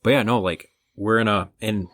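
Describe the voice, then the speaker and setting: On a podcast microphone, a young co-host from Michigan eagerly rambles through stories in a casual chat. He has a fairly low, fairly bright voice with fairly even intonation and a moderate pace, and the recording is dry and studio quality.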